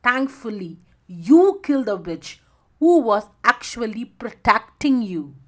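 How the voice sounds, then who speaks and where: A woman voicing a greedy grown fisherman who speaks slowly, loudly and emphatically. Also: fairly high pitch, sing-song, heavily acted. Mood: menacing. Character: greedy grown male fisherman, rough and forceful.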